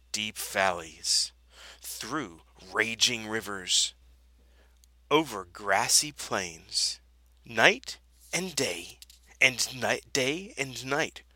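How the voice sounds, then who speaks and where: A man reads a children's Bible story aloud, taking his time and letting his voice rise and fall widely for drama. His tone is very bright and sharp, and the recording is close and dry with no room sound. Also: mid-range voice, dry recording, low-quality recording. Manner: expressive, dramatic storybook delivery. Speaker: storybook reader.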